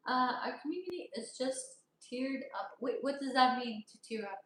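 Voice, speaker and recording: A woman's voice: high voice, lively intonation, normal speed, fairly bright tone. A woman from Armenia hosting a casual livestream, chatty and playful, reading viewer comments and sometimes slipping into a sing-song voice. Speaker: livestream host. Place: outdoors near her home at dusk. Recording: echoey, a little far from the mic.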